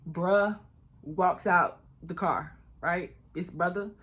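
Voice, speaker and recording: A woman from Florida spins a wild storytime for her viewers, loud and profane. She leans into asides to the audience and jumps high in pitch whenever she acts out what someone said. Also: slow pace. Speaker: vlogger. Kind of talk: storytime vlog, casual storytelling.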